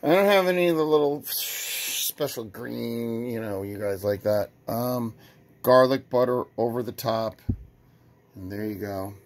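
A man's voice: medium pitch, measured pace. A man hosting a casual home cooking vlog, rambling and joking as he talks to viewers from his kitchen. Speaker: host of a home cooking video.

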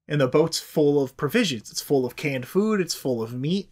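A man's voice: a little high, animated, normal speed. A man hosting a podcast, telling a history story in a loose, profane, chatty way. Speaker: podcast host. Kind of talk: casual storytelling.

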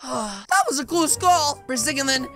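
Excitable female gameplay narrator, high voice, light music bed. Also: moderate pace. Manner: animated, excitable, talks to viewers as "guys". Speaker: game role-play narrator. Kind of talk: role-play game narration with running commentary to viewers.

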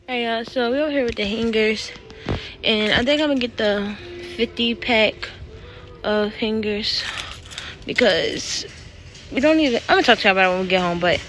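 A young woman vlogging casually to camera, frank and exasperated, cursing freely. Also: a little high. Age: young adult. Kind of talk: casual vlog talk to camera.

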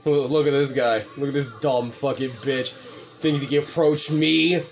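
A man's voice: medium pitch, steady tone, measured pace, soft background music, close to an everyday voice. A man putting on a sneering smug brawler.

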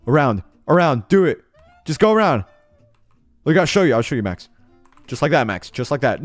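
A young man streaming a game live, talking casually, swearing often and cheering loudly at the screen. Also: medium pitch, animated, moderate pace, no room sound, faint music behind. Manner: hyped and jittery, swears a lot, cheers loudly. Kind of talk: casual live-stream chat while gaming.

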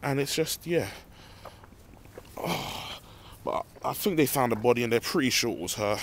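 A man's voice: mid-range voice, normal speed. Young guy venting on his phone at night, walking, lots of ums, faint ambient hiss around him. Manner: rambling, animated ranting with many fillers. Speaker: vlogger. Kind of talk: late-night rant to camera. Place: outdoors at night, walking through a car park.

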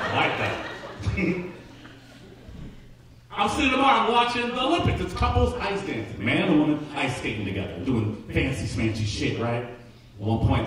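A man in his thirties performing a live stand-up set in a comedy club, talking in a loose, profane, conversational way. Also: on the high side. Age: 30s. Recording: roomy live club sound from a distance, crowd noise.

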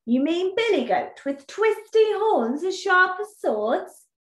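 A woman's voice: high-pitched, very animated, normal speed. A woman doing a nervous, apologetic old bull. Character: big bull, cowardly and full of excuses. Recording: echoey room.

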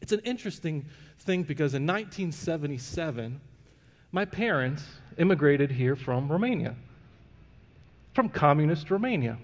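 A man's voice: a little high, lively intonation, moderate pace. A middle-aged man preaching a sermon in a church, telling a personal story in a conversational way with restarts and fillers. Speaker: pastor. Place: church sanctuary. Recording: long reverb of a church hall.

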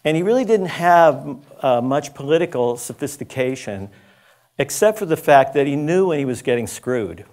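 At a school conference, a man gives a storytelling lecture, telling an anecdote in a loose, conversational way with restarts and asides. His fairly high, darkish-toned voice is animated and moves at a moderate pace.

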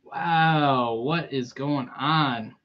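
A man live-streaming a toy unboxing in a relaxed, chatty way, greeting viewers by name. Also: mid-range voice, very slow, dull audio. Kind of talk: casual live-stream chat.

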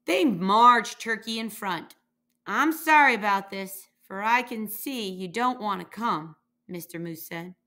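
A woman reading a children's picture book aloud, slowly and expressively, giving the animals their own voices. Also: mid-range voice. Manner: lively character voices, slow and expressive. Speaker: reader.

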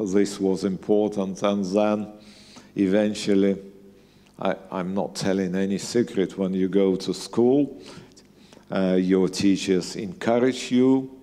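A middle-aged man from Russia with a Russian accent, a guest scientist talking on stage in a halting way, full of fillers and restarts, with dry humour. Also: low-pitched, warm tone. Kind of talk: live on-stage conversation. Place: museum event hall, live audience. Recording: long reverb of a large hall.

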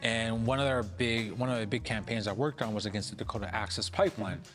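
A man who is a comedian and organizer, guesting on a casual show and talking in a lively way, laughing and swearing freely. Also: lowish voice, fast, faint music behind. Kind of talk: casual chat.

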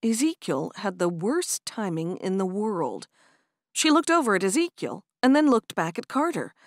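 A woman reading a romance audiobook aloud, expressive and animated. Her pitch moves a lot. The recording is close and dry. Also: moderate pace, no echo. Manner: expressive storytelling. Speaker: audiobook narrator. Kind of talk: scripted narration.

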